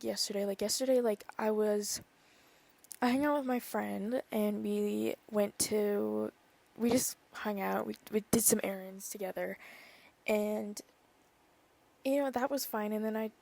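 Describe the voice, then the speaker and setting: Young woman, solo podcast host, rambling casual talk, gravelly fry in her voice, mid-pitched. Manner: rambling, full of "like" and "literally", drifting soft. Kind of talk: casual chat.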